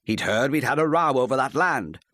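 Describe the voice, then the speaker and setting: A man's voice: medium pitch, lively intonation, a little fast, pushed and bright, dry recording, clean studio sound, voice pushed up. A man voicing a volatile, bad-tempered husband in an audiobook, curt and defensive, often raising his voice. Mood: shouting. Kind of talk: audiobook character voice.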